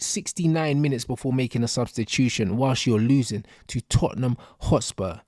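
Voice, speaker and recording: A man's voice: medium pitch, darkish tone, no echo. Fed up bloke slagging off his manager, dry close audio. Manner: scornful, ranting street-slang insults. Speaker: football fan. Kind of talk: angry post-match fan rant.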